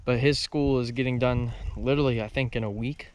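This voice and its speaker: A young man hosting a fishing vlog, excitable and flustered as he talks to his viewers outdoors. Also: mid-range voice, brisk, dry recording. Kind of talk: casual fishing vlog talk. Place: outdoors by the water. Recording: noisy outdoor recording with wind.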